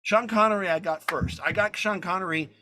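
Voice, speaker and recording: A man in his sixties, a film director as a guest, telling lively anecdotes, acting out quotes and swearing casually. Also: high-pitched, brisk. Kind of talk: animated anecdote storytelling.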